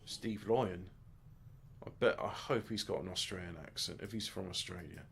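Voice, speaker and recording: A man talks through a strategy game in loose let's-play commentary, joking and mocking himself. His voice sits low with a gravelly fry. He mutters asides to himself as he goes. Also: normal speed, slight background noise. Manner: rambling, joking and self-mocking. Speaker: gaming video host.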